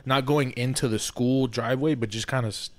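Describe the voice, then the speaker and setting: A man co-hosting a podcast, telling a long story in a casual, animated and profane way, often asking "you feel me". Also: mid-range voice, fairly quick. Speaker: podcast co-host. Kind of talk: casual storytelling among friends.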